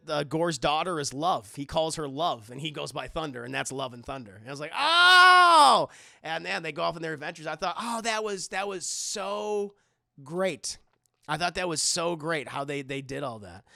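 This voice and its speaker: A young adult man reviewing a film for a live stream chat, animated and rambling, swearing often. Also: a little high, brisk, vocal fry, no echo, studio quality.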